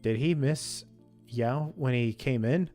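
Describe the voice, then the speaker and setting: A man reading a visual novel's story text aloud, steady with frequent slips and self-corrections. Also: mid-range voice, takes it slowly, faint music behind. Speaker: let's play streamer reading a visual novel.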